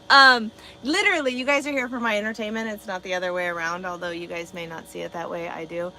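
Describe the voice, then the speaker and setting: Woman trucker livestreamer, blunt and profane, mid-pitch, noisy background. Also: normal speed, bright, forceful tone. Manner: blunt, swears a lot, talks back to chat. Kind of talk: casual livestream chat reading comments.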